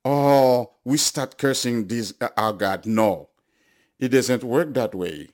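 A man preaching a sermon, repeating his phrases and building to loud, emphatic appeals to the congregation. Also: medium pitch, takes it slowly.

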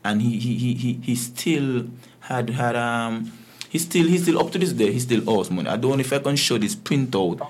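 Man, aggrieved guest, emphatic and repetitive, mid-pitch, faint noise behind. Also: expressive, moderate pace, a little mellow. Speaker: call-in guest. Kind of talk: heated complaint.

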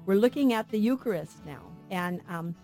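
A woman's voice: mid-range voice, lively intonation, normal speed, warm tone, faint music behind. A woman co-hosting a radio Bible program, teaching earnestly and emphatically and asking rhetorical questions in a studio.

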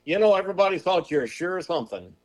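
A male preacher giving a sermon, firing off rhetorical questions in a folksy way of talking and slowing to a drawl on scripture. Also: high voice, lively intonation, darkish tone. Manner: slows and drawls on scripture quotes; folksy turns of phrase.

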